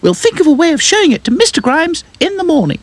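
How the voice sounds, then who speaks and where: A kind, sensible female rag doll speaks in a high, soothing voice, as a man reads her part. Her tone stays motherly and calm. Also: quick pace. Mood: encouraging.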